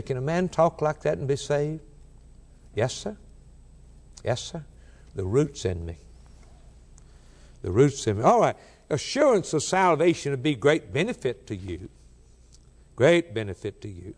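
A man preaching a sermon, emphatic and rhythmic, rising loud and dropping soft, slowing down when he quotes scripture. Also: fairly high pitch. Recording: long reverb of a large hall.

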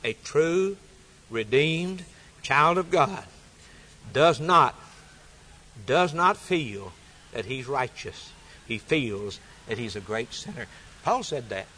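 A male preacher delivering a sermon emphatically, repeating phrases and swinging between loud and soft. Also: medium pitch, lively intonation, takes it slowly, long pauses, slight background noise.

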